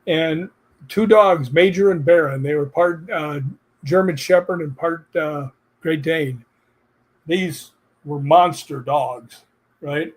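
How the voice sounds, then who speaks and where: A man telling personal stories in a casual chat, animated and laughing as he goes. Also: fairly high pitch, takes it slowly.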